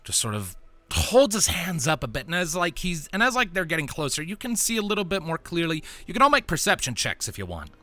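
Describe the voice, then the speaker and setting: A man's voice: on the high side, wildly swooping pitch, brisk, pushed and bright. A man narrating as game master of a tabletop role-playing game, describing scenes in a loose, meandering way.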